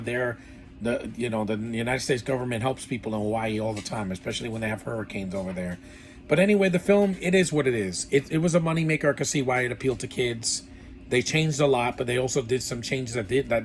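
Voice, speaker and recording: A man's voice: mid-range voice, fast. A man giving a casual, rambling film review with blunt opinions and lots of fillers. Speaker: movie reviewer.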